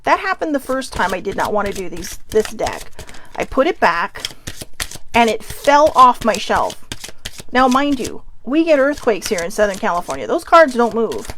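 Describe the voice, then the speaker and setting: A woman's voice: fairly high pitch, big pitch swings, moderate pace, fairly bright tone, a little hiss or hum. A woman hosting a live oracle card reading, chatting candidly and rambling, and swearing freely as she goes. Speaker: oracle card reader and host. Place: lives in Southern California.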